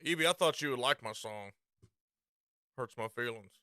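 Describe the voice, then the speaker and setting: A man streaming and chatting casually, loud and profane, quick to laugh. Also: medium pitch, no echo, studio quality. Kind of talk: casual chat.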